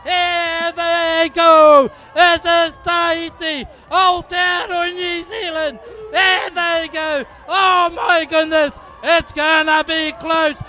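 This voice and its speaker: Man, race commentator, very high voice, flat pitch, excitable, live outdoor call. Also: slow pace, faint music behind, a faint crowd. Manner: excitable, repeats calls, shouts at the finish. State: out of breath at the finish. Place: outdoors at a racecourse by the water.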